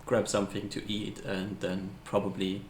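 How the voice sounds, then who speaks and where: A man's voice: low voice, completely flat delivery, normal speed. A man narrating a tabletop game as game master, hesitant and often searching for words. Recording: echoey room, faint hiss.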